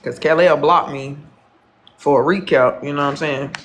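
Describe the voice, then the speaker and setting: A man's voice: fairly high pitch, moderate pace, fairly bright tone, a little hiss or hum. A man chatting on a live stream, rambling and profane, repeating himself as he gossips and calls viewers honey. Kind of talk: casual live-stream chat.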